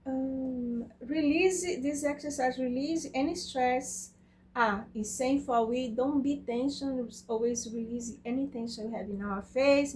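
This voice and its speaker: Slow halting woman explaining eye exercises. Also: on the high side, fairly even intonation, darkish tone, a little hiss or hum. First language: Portuguese. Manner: halting, searching for words, repeats herself. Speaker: teacher reviewing eye exercises. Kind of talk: casual instructional talk.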